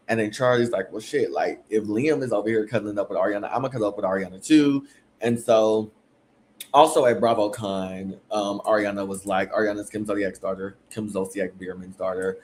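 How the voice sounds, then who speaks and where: Male host, low-voiced, loose chatty recap delivery, faint hiss behind. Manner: chatty, rambling, full of fillers. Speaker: podcast host. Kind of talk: casual reality TV recap.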